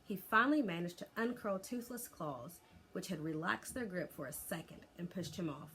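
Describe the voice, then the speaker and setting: A woman's voice: fairly low pitch, normal speed. Woman reading a storybook aloud. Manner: expressive, lively storytelling. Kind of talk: reading a chapter book aloud.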